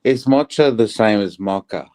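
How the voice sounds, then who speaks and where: Laid-back low-voiced man. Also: moderate pace, dark tone. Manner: laid-back, asks simple questions. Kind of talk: casual chat.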